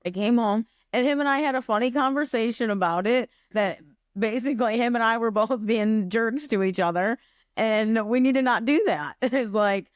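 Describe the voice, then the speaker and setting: A woman's voice: a little high, moderate pace, no echo, clean studio sound. A woman co-hosting a podcast, telling a personal story in a casual, reflective way. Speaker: podcast co-host. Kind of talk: casual chat.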